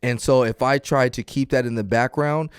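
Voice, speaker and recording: Smooth-voiced man hosting a podcast. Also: medium pitch, steady tone, normal speed, dry recording, studio quality. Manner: upbeat, laughs easily, earnest when closing. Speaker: podcast host. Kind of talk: casual podcast chat.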